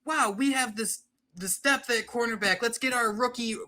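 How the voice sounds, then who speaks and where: A man's voice: very high voice, normal speed, bright, forceful tone, pitched above the performer's own voice, exaggerated voice. A man putting on a nasal voice to play a grumpy middle-aged male football coach who is set in his ways. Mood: self-satisfied.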